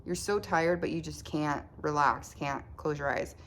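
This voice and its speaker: A woman with a low, deep voice talks at home in a casual diary-style vlog. She speaks haltingly, restarting phrases and trailing off. Faint background noise hums under the recording. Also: fairly even intonation. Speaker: vlogger keeping a recovery diary.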